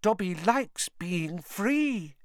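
A man reading an audiobook, voicing an excitable male house elf who squeals and keeps saying sir. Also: drawn-out words, no room sound, studio quality, heavily acted. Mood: excited. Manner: squealing, shrill and excited, calls everyone sir. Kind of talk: audiobook character voice.

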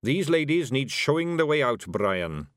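Pompous dwarf shopkeeper, read by a man: loud, lofty, indignant, higher than the narration. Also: very animated, unhurried, no room sound, clean studio sound.

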